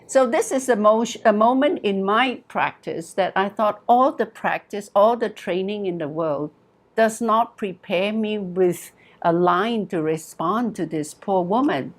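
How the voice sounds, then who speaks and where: A woman therapist recounting a story about a client in an earnest, measured way. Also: on the low side.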